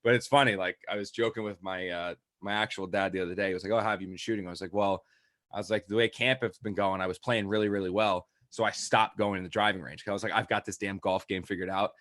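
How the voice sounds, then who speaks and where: A man's voice: lowish voice, steady tone, fast, a bit bright, dry recording, clean studio sound. A young man, a podcast co-host, telling a rambling casual anecdote full of "like" and quoted lines. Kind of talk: casual chat, storytelling.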